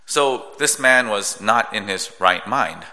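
A male pastor preaching a sermon in a measured teaching tone, often checking in with a rhetorical "right?". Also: on the low side, animated, bright, forceful tone. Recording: long reverb of a large hall.

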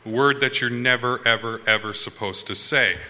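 A pastor in his thirties from Wisconsin tells a story from the pulpit in a loose, conversational way and keeps checking in with his congregation. His voice is very bright and forward. It rings with the long reverb of a church hall. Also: mid-range voice, normal speed. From Wisconsin, USA. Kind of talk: storytelling sermon.

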